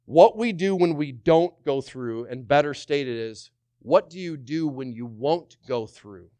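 A male pastor delivers a sermon in a smooth, resonant voice, repeating key words and asking the congregation questions. The sound is dry and close, with no room echo. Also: medium pitch.

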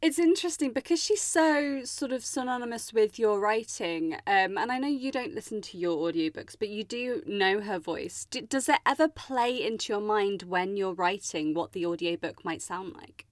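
A woman's voice: mid-range voice, expressive, normal speed, hardly any pauses, dry recording, studio quality. A woman interviewer asking thoughtful, slightly hesitant questions in a casual conversation.

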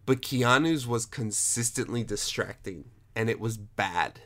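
A man hosting a casual chat about a film, animated and emphatic, swearing freely. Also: mid-range voice, measured pace, crowd noise.

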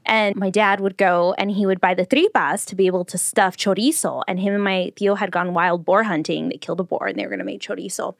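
A young adult woman hosting a casual chat, telling family stories in a lively way. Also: medium pitch, fast talker, vocal fry, few pauses, no echo, clean studio sound. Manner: lively storyteller, does voices for quoted people.

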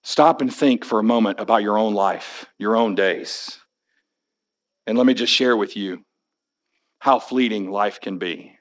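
Hoarse male pastor, forties, personal sermon with wry asides. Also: fairly low pitch, a little slow. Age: 40s. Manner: personal storytelling with wry humor. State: hoarse after illness. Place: church sanctuary.

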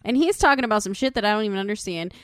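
A woman in her thirties co-hosting a casual podcast chat, animated, swearing freely and acting out characters in quick asides. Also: mid-range voice, clean tone, no echo, studio quality. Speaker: podcast co-host. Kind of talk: casual chat recapping a sitcom.

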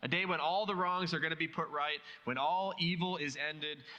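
Guy preaching a sermon, kinda higher voice, lots of rhetorical questions, echoey hall sound. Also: steady tone, moderate pace, sharp tone, dull audio. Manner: conversational, asks many rhetorical questions.

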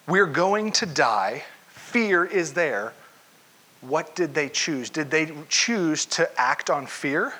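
A man preaching a conversational sermon to a group, asking questions and acting out quotes as he goes. His voice is bright and sits a touch high for a man. He talks in a loose, casual way, with fillers like "like" and "you know". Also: animated, slow pace. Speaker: pastor. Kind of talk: interactive sermon.

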